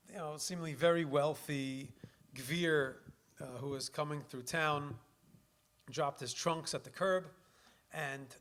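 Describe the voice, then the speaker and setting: A man giving a Torah class as a rabbi, telling stories in an animated, chatty way and sprinkling in Yiddish and Hebrew words. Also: a little high. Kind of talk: Torah lecture with storytelling.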